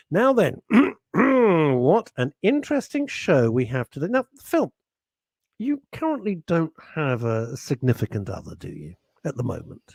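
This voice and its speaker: A man's voice: medium pitch, creaky, a little mellow, breathy edge, no echo, clean studio sound. A man with an English accent hosting a radio show, joking and teasing his co-host and reading out listener comments in casual chat.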